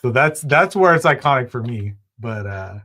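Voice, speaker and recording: A man's voice: medium pitch, normal speed. Man, podcast co-host, casual chat, acts out quotes in stories. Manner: animated storyteller acting out quotes.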